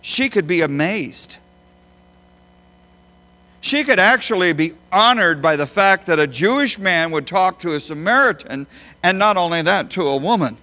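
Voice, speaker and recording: A man preaching a sermon as a pastor, emphatic, swinging between loud high bursts and quiet low phrases. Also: expressive, moderate pace. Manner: emphatic, with big swings in pitch and loudness.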